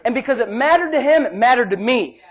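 A woman preacher delivers a lively sermon in a fairly high voice. She swings from bold, loud emphasis to soft, hushed asides, and breaks into laughter as she tells homey family stories. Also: fast talker, slightly rough.

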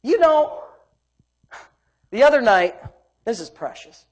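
A woman preaching a sermon, swinging between loud emphasis and hushed asides, telling homey stories with laughter. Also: on the high side, big pitch swings, slow pace.

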